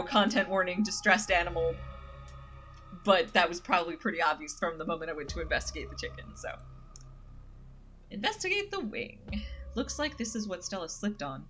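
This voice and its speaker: Chatty woman streamer, bright tone, soft music under. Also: on the low side. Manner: chatty, lively, reads text aloud. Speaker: streamer playing a horror visual novel. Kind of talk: casual game narration.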